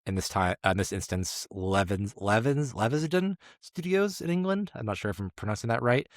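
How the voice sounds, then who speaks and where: A man's voice: medium pitch, animated, brisk, no echo, clean studio sound. A man co-hosting a film podcast in casual chat, joking and stumbling over place names. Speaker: podcast co-host.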